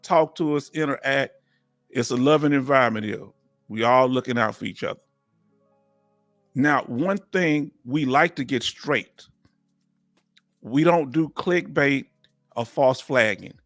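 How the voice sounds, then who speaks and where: A man's voice: medium pitch, a little slow, long pauses, a bit bright, no echo, studio quality, faint music behind. A man in his fifties from Texas with a Southern accent, hosting a casual live-stream chat and chatting in a folksy way as he reads out viewer comments. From Texas, United States. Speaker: host of a veterans live chat.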